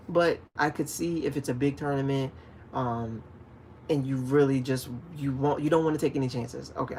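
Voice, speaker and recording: A man hosting a casual fishing livestream, chatting with viewers and acting out stories with sudden loud calls. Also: mid-range voice, a little hiss or hum. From DC, Maryland, Virginia area. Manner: animated storytelling, acts out shouted calls. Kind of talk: casual livestream chat, reading viewer comments.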